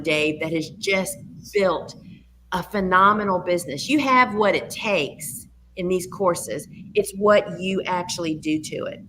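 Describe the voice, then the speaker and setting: Chatty woman pitching courses. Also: fairly bright tone, a little hiss or hum, poor audio. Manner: chatty and enthusiastic, many fillers. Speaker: course host. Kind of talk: live Q&A sales pitch.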